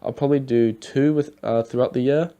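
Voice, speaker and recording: A man's voice: mid-range voice, steady tone, fairly quick, warm tone, smooth. A young man giving rambling, casual commentary over his football game footage, swearing now and then. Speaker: gaming YouTuber.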